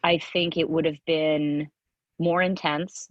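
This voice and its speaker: A woman's voice: sits low, flat delivery, takes it slowly, no room sound, muffled recording. A middle-aged woman in a candid interview, speaking earnestly with many restarts and acting out quotes from her past. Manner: earnest, tumbling restarts, acts out remembered quotes. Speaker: guest.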